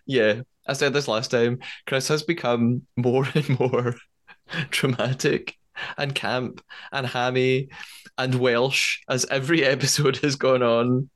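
A man's voice: mid-range voice, steady tone, slow pace, fairly bright tone. A man co-hosting a podcast in casual chat, talking easily and laughing often. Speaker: podcast co-host, newcomer to the show.

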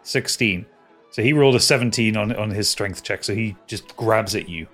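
A man's voice: lowish voice, fairly bright tone, soft background music. A man narrating as game master of a tabletop game, stumbling over restarts as he describes scenes. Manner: halting, many restarts and fillers.

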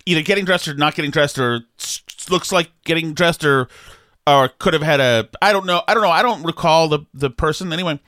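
A man's voice: fairly high pitch, a little fast, sharp tone, no echo, studio quality. Rambling middle-aged male podcast host. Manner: rambling, jokey storytelling with many restarts. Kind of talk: casual chat.

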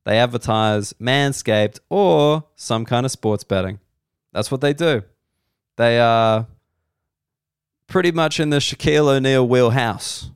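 Wry Australian comedian rambling solo. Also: male voice, medium pitch, measured pace, clear, resonant tone, no room sound, clean studio sound. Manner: rambling, wry, self-deprecating. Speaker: comedian and podcast host. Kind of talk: solo comedy podcast monologue.

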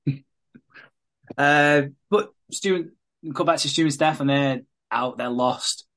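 A man's voice: on the high side, takes it slowly, fairly bright tone. Sweary man recapping casually. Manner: sweary, laughing, acts out quotes.

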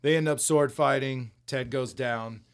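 A man's voice: mid-range voice, unhurried. Rambling, profane podcast host man. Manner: rambling, profane, laughs as he retells scenes. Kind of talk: casual chat recapping a comic book.

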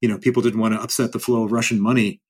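A man's voice: medium pitch, little pitch movement, rapid-fire, darkish tone, husky. A middle-aged man answering interview questions in a blunt, emphatic way, repeating phrases for stress. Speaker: guest.

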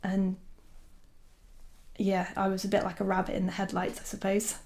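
A woman recounts events in a relaxed, chatty way, full of fillers and small laughs. Her voice has a gravelly fry and stays fairly flat in pitch, sitting in the middle of her range. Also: moderate pace. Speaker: documentary filmmaker guest. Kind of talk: casual storytelling.

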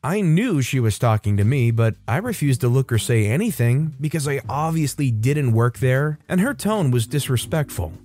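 A man's voice: mid-range voice, lively intonation, normal speed, few pauses, a little mellow. A man reading online stories aloud as a show host, telling them playfully and expressively with sudden lifts in his voice. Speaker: story narrator and show host.

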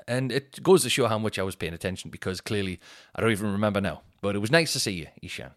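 Rambling Northeast English comedian telling stories. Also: male voice, fairly low pitch, animated, very fast. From Northeast England. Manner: rambling, laughing, restarts often. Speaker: comedian and podcast host. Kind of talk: casual storytelling.

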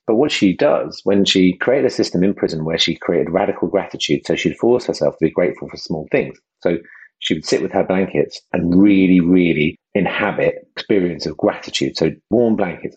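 A man hosting a casual podcast conversation, enthusiastic and self-deprecating, slipping into quick impressions. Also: low-pitched, a little mellow, breathy edge, muffled recording. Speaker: host and project creator.

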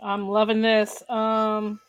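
A woman's voice: medium pitch, completely flat delivery, takes it slowly, no echo, studio quality. A woman playing in a tabletop game, teasing and joking with her friends. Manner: playful and teasing, laughs easily. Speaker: player. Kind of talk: casual chat.

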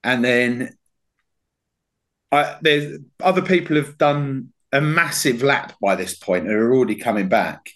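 A podcast host with a mid-range voice and a slightly slow delivery tells a story during casual conversation. He swears heavily and stays animated, laughing as the tale unfolds.

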